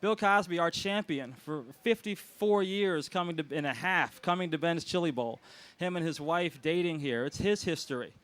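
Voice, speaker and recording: A man, co-owner of a restaurant, hosting an outdoor anniversary celebration with emotional, grateful words and loud announcements. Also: on the high side, normal speed, smooth. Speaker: restaurant co-owner and event host. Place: outdoors on a city street.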